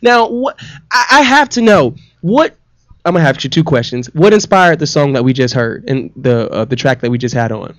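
A man's voice: mid-range voice, animated, moderate pace, dry recording. A man hosting a radio talk show, upbeat and slangy, laughing often. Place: radio studio.

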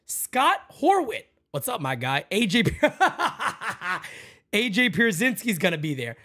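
A middle-aged man hosts a casual live stream with a voice that sits a little high and swings widely in pitch. He jumps up loud and high whenever he greets viewers by name. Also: very animated, takes it slowly.

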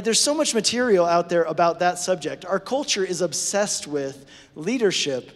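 A man preaching a sermon to his congregation, conversational and animated, often checking in with them. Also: high-pitched. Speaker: pastor. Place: church sanctuary. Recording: preached in a hall with long reverb.

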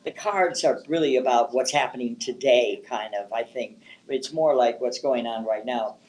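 A man's voice: mid-range voice, moderate pace, darkish tone, low-quality recording. An older man, a psychic and palm reader, telling rambling anecdotes in an interview and often restarting his words.

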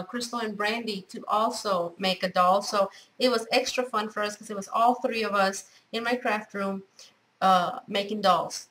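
A woman's voice: mid-range voice, fairly bright tone, a little hiss or hum, poor audio. A middle-aged woman chatting at home as a craft vlogger, gushing and effusive as she shows off gifts. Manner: gushing, effusive, repeats praise words. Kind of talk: casual unboxing chat.

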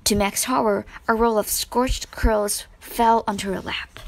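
A woman reading a children's storybook aloud with steady expression. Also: medium pitch, measured pace, few pauses. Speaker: narrator.

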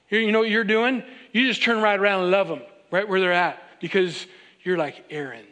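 A man preaching a sermon as pastor, in a conversational and animated way, speaking straight to his congregation with repeated direct questions. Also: high-pitched, moderate pace. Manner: acts out quoted voices of others.

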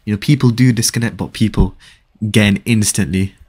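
A man streaming a game live, chatting casually with viewers, excitable and often repeating phrases as he reads chat aloud. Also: fairly low pitch, a little fast, slightly rough.

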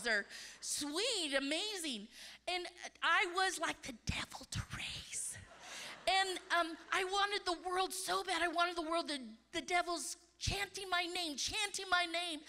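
A woman in her fifties preaching in a large church, swinging between loud exclamations and hushed asides. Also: very high voice. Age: 50s. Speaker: conference speaker. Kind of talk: sermon.

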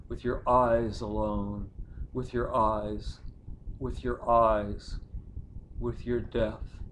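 A man giving a poetry reading in a low, flat voice. He chants his lines as a slow, incantatory litany. The litany builds to repeated cries. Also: a little hiss or hum, rough recording. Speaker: poet.

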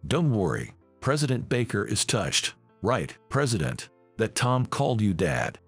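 A man voices a cheerful male friend, teasing and easygoing. The pitch moves lively over a gravelly grain. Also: unhurried, no room sound, faint music behind, exaggerated voice. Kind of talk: storybook reading.

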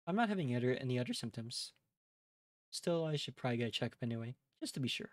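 A man's voice: medium pitch, fast talker, dry recording, studio quality. A man with a Midwestern accent, chatting casually and rambling a little as a live streamer talking to his chat. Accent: Midwestern American. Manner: relaxed, rambling, addresses chat directly.

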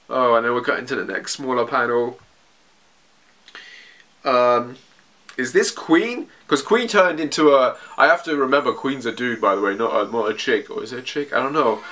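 A man casually reacting to a comic chapter, thinking aloud in a rambling, excitable way as he reads it. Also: medium pitch. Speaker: manga reaction host.

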